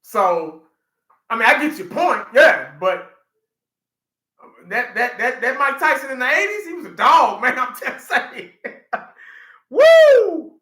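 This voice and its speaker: A man in his forties chatting casually on a livestream, an animated storyteller who laughs often and talks to his chat. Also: very high-pitched, takes it slowly, pauses often, roomy sound, low-quality recording. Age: 40s. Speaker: livestream host.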